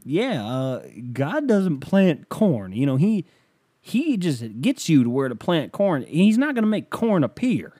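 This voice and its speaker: A man's voice: fairly high pitch, big pitch swings, unhurried, mellow, voice pushed up. A man doing a blunt folksy money advisor. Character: impression of a blunt middle-aged male money advisor.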